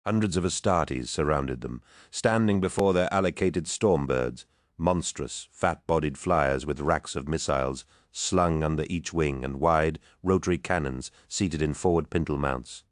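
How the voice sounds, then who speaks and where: Brief: male audiobook narrator, extremely deep, bone-dry close studio read, measured. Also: no room sound.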